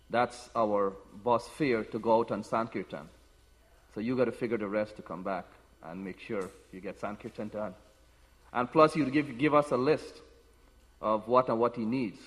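A man giving a devotional talk, telling personal stories in an unhurried way with frequent restarts. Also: mid-range voice. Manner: unhurried storytelling with many restarts. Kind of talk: sermon with personal anecdotes. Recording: long hall reverb.

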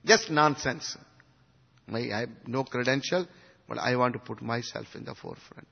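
Husky man giving a devotional lecture. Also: medium pitch, normal speed. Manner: swings from hushed to emphatic, asks the audience questions. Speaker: spiritual teacher. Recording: dull recording in a reverberant hall.

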